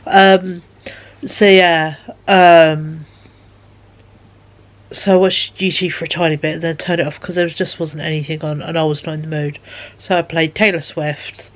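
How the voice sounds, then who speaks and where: Tired woman rambling on in a chatty vlog, lots of ums and so yeahs, yawning now and then. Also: low voice. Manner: rambling, lots of fillers and repeated "he said". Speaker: vlogger.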